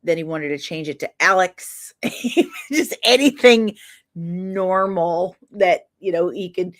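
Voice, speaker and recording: A middle-aged woman co-hosting a casual podcast chat, an animated storyteller who laughs often. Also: lowish voice, takes it slowly. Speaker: podcast co-host.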